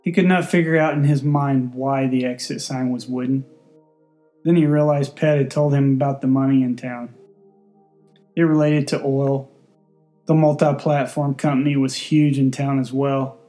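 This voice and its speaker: Deadpan male storyteller, mellow voice. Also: mid-range voice, moderate pace, faint music behind. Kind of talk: storybook narration.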